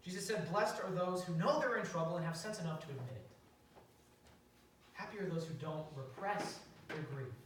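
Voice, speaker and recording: A man's voice: sits high, animated, normal speed, fairly bright tone, a little hiss or hum. A young man preaching a sermon in a church, telling a story in a casual way with fillers and restarts. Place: church sanctuary. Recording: very echoey hall, mic far off.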